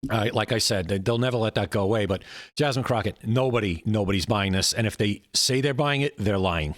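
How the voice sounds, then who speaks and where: A man's voice: lowish voice, brisk, no room sound. A man giving indignant political opinion commentary, often repeating words and restarting lines.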